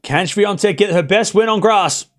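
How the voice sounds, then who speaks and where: Young male streamer, high voice, quick excitable tennis call to chat, drops to a mutter then shouts. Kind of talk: live play-by-play commentary to chat.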